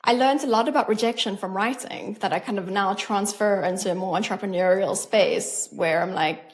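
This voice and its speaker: Woman hosting a podcast, reads intro then asks thoughtful questions, mid pitch. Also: normal speed, hardly any pauses. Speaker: podcast host. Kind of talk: scripted intro then conversational interview.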